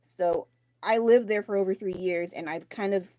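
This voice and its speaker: A woman talking loudly and candidly into her phone mic during a casual live stream, rambling and swearing casually. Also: medium pitch, moderate pace, no echo. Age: adult. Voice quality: loud, raised voice.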